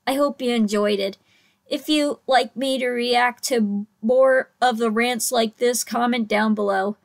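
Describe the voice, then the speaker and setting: A woman's voice: fairly high pitch, steady tone, a little slow, vocal fry. A woman hosting a reaction channel, giving casual, hesitant commentary with restarted sentences.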